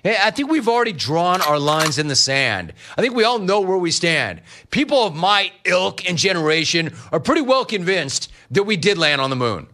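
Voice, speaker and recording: A middle-aged man hosting a sports talk radio show, riffing lively on callers and the news. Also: sits high, normal speed, hardly any pauses. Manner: lively, riffing, mock-quoting callers and family.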